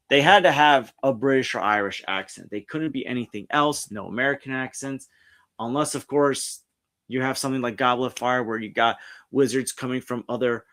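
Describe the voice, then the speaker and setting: Streamer host, New man, mid-pitched, chatty and rambling, restarts often. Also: fairly bright tone. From New York. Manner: rambling, frequent restarts and self-corrections. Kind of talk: casual pop culture commentary, reading articles aloud. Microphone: streaming setup mic.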